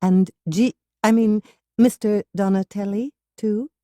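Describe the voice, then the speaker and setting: A woman's voice: mid-range voice, steady tone, measured pace, warm tone, no room sound, studio quality, pitched above the performer's own voice, lightly acted. A woman voicing a nervous, tearful young Italian-American woman who speaks anxiously and pleadingly. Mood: hesitant.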